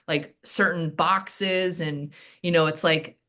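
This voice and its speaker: A woman in her thirties, a handball player and team director, telling stories in a chatty, animated way as an interview guest. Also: on the low side, slow. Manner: chatty, animated storytelling with frequent "like" and "um". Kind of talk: casual interview chat.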